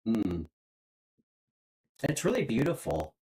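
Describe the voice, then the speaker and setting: A tarot reader on a live stream gives a relaxed, upbeat reading, filling gaps with "um," "like," and repeated words as she hunts for what to say next. The voice sits at medium pitch but swoops wildly, moving slowly with a dark tone. The recording quality is poor.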